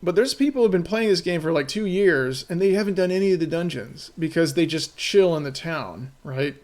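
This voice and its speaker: A man's voice: a little high, animated, a little fast. A man chatting casually on a live stream as a game developer, rambling and full of fillers, who keeps checking in with "right?".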